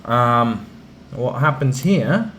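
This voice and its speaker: A man's voice: mid-range voice, animated, very slow, a bit bright, slight background noise. A man streaming a video game, chatting casually in rambling asides. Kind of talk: casual gaming commentary. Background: game music.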